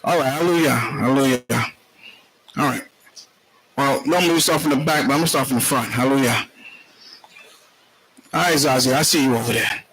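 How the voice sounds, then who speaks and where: In an indoor congregation meeting room, a man with a mid-range, slightly bright voice runs a casual roll call, speaking briskly with frequent pauses as he teases members one by one and keeps repeating hallelujah. The low-quality audio carries slight background noise along with the chatter and voices of the congregation.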